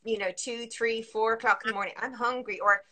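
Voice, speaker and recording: A woman working as a sleep consultant talks over a live video call. Her voice is bright and forceful, and she rambles a little, restarting sentences and acting out parents and toddlers as she explains. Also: a little high, little pitch movement, brisk. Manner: chatty, many restarts and fillers, acts out parents and children.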